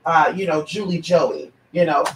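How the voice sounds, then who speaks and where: A woman's voice: sits low, moderate pace, slight background noise. Trans woman, psychic reader, blunt sassy rant, mimics people, away from the mic, echoey room. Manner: sassy, blunt, swears often; animated, mimics other people mid-story. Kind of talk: casual vlog rant to viewers. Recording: roomy echo, distant from mic.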